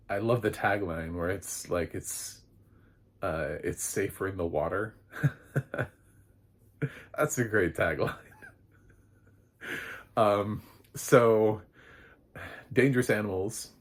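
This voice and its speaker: A man's voice: lowish voice, slow pace, pauses often. A man giving a casual, rambling spoken film review, chatty with lots of fillers. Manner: rambling and chatty, with many fillers and light laughs.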